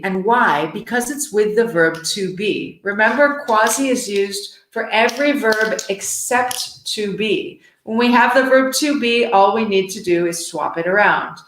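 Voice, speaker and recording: A woman teaching an English lesson, explaining slowly and clearly with a playful touch. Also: medium pitch, fairly bright tone, roomy sound. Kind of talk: online class teaching.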